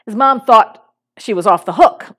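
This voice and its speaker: A woman's voice: unhurried, a bit bright. A middle-aged woman pastor giving a sermon in a conversational way, with fillers and restarts. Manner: acts out a small boy's lines in a higher voice when telling a story.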